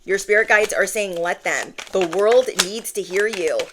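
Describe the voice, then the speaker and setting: Lady doing a spiritual reading, punchy and playful, repeats stuff, mid-pitch voice. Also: moderate pace, noisy background. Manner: emphatic, repeats phrases, playful slang. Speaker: intuitive tarot reader.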